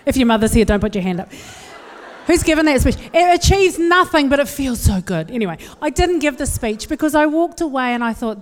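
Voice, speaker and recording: Speaking to a live crowd, a New Zealand woman shares self-deprecating stories in a humorous, candid talk. Her voice is high and fairly quick, with lively intonation, and the sound carries a long hall reverb.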